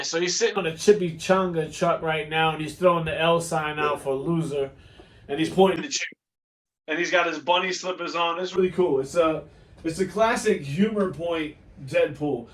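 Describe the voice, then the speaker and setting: A man's voice: on the high side, a bit bright, recorded from a distance. A man hosting a casual toy unboxing, joking and teasing his guest, laughing often. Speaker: toy reviewer host. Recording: roomy, from off-mic.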